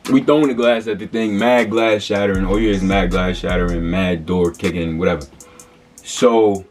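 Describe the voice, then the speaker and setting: Man in his 20s, fairly low voice, slangy rambling storyteller. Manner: animated, slangy, rambling with many fillers. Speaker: vlogger. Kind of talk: casual storytelling.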